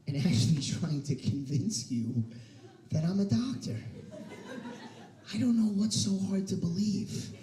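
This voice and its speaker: A man doing a stand-up comedy set on a stage in a hair salon, animated and swinging into loud shouted punchlines. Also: fairly high pitch. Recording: roomy echo of a live room.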